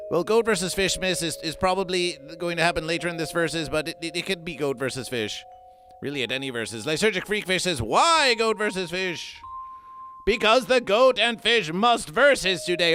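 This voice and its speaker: A man's voice: high voice, a bit bright. A man hosting an absurdist comedy livestream, chanting and repeating himself as he reads out chat. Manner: chanting, repetitive, sing-song announcing. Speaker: livestream host. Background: music.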